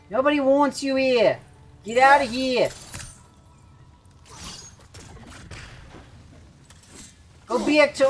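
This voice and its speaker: A man putting on a cranky grump who shouts at a pest in a made-up accent. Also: high voice.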